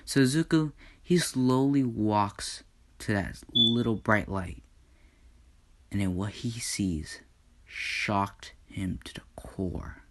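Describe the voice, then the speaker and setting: A man tells an improvised fan story slowly, with long pauses and a somewhat low voice. He often drops to a hushed whisper at the dramatic moments and stumbles now and then as he goes.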